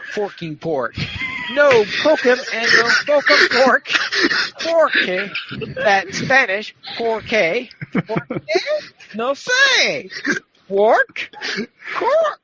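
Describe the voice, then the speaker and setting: A man's voice: extremely high pitch, background noise. A man hosting a podcast in casual chat, reading goofy verse in a playful, giggly, hammy way over dull lo-fi call audio. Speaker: podcast host.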